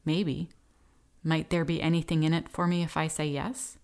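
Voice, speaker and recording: A woman's voice: low-pitched, little pitch movement, normal speed, a little mellow. A woman voicing a crude, drunk middle-aged male judge who slurs and barks. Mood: drunk gruff. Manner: slurred, gruff barking.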